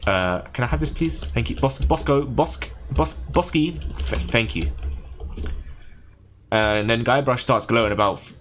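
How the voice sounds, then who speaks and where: A man's voice: mid-range voice, animated, unhurried, slight background noise. A man streaming a game, chatting casually and retelling a story in a rambling, self-correcting way. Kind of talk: casual chat while gaming.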